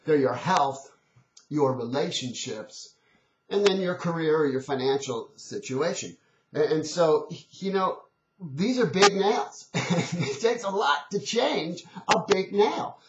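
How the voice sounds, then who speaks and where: Brief: conversational motivational speaker, man, slightly high, lo-fi roomy old recording. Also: expressive, slow. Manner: earnest and conversational, many restarts. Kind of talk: motivational talk with storytelling. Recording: dull, echoey old recording.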